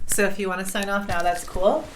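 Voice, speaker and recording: A woman giving a casual tarot reading to her viewers, frank and blunt, sometimes swearing, and at times reading a book passage aloud in a calm, measured way. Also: medium pitch, a little hiss or hum. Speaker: tarot reader. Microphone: clip-on mic.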